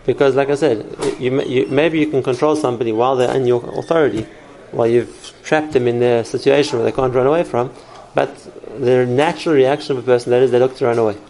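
A man's voice: mid-range voice, fairly even intonation, fast, a little mellow, a little hiss or hum, poor audio. A man teaching a class on parenting, explaining through stories and examples and answering questions.

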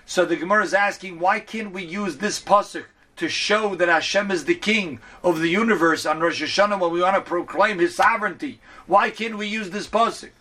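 Man, Torah teacher, high bright voice, animated Talmud lesson. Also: a little fast, few pauses. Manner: animated, quotes Hebrew and Aramaic texts then explains.

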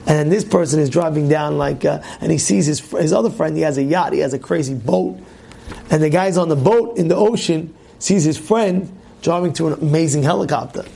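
A man, a rabbi, giving an animated sermon on the weekly portion, asking rhetorical questions and acting out voices of complaining people. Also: brisk, vocal fry, slightly rough. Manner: animated storytelling, acts out complaining voices in loud high shouts; repetitive, rhetorical questions to the listeners.

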